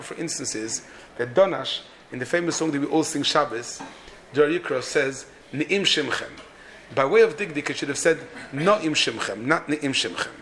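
A man's voice: a little high, fairly bright tone, a little hiss or hum. A man teaching a text-study class, explaining the meter of a Hebrew poem with frequent restarts and repeated words. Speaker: Torah teacher.

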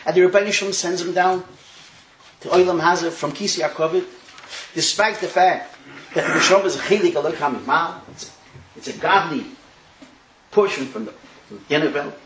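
A man teaching a Talmud class, telling the story in an animated way and mixing in Hebrew terms. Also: fairly high pitch, fairly quick, pauses often, noisy background. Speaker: Torah teacher. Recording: echoey room.

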